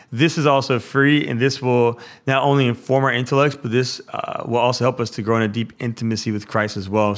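Pastor guy hosting his show, mid-pitched, super encouraging, keeps saying he loves it. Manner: warmly enthusiastic, affirming. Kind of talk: hosting a faith interview show.

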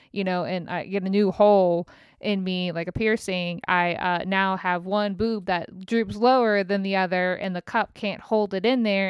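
A woman's voice: medium pitch, smooth, no room sound. Profane, rambling woman venting candidly. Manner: profane, frank and self-mocking; rambling, laughing through her words. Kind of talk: candid personal rant.

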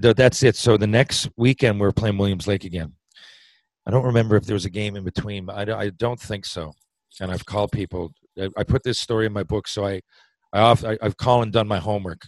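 A man from Newfoundland, Canada, with a Newfoundland accent and a fairly low voice, tells a long hockey story as a podcast guest. He rambles, restarts his sentences, swears casually and laughs easily; the audio is poor but has no echo.

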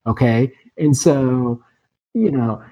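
A man in his thirties, a podcast guest in recovery, telling a story in a casual, animated and emphatic way. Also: on the low side, moderate pace, breathy edge.

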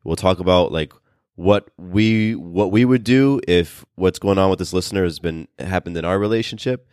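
This podcast co-host has a darkish male voice, recorded dry with studio quality. Chatting casually and earnestly, he keeps restarting his sentences in a halting way, reads a listener email aloud, and remarks that his voice sounds bassy today.

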